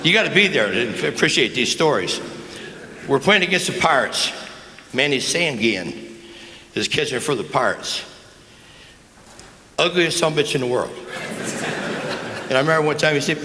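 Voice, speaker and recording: A man's voice: fairly high pitch, expressive, moderate pace, long pauses, sharp tone. A man in his seventies telling folksy, crude after-dinner stories into a handheld mic in a large banquet hall, acting out the people he quotes. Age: 70s. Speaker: guest speaker. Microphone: handheld microphone. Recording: echoey banquet hall with faint noise.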